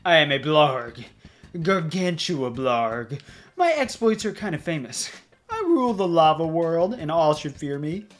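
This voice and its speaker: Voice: mid-range voice, very animated, measured pace. A streamer doing a boasting lava monster. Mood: boastful. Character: swaggering male lava monster.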